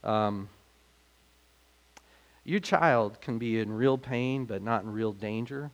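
A man preaching a sermon in a conversational way, growing animated when he asks questions. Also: fairly low pitch, takes it slowly. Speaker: pastor.

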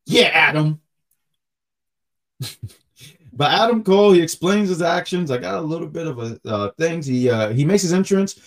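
A man co-hosting a wrestling podcast, excitable and quick to laugh, often stumbling over his words. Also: fairly high pitch. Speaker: podcast co-host. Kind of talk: casual wrestling chat.

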